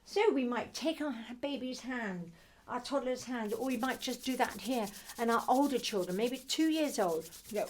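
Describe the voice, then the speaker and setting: A middle-aged woman, an early years music teacher, demonstrating baby music activities in a gentle, playful, sing-song way. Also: a little high, expressive, a little slow.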